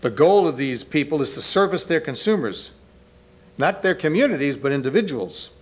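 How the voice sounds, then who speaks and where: A man's voice: on the high side, sing-song, normal speed. A man giving a spoken lecture to a live audience, conversational, often turning to ask the listeners questions. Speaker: lecturer speaking to a church audience.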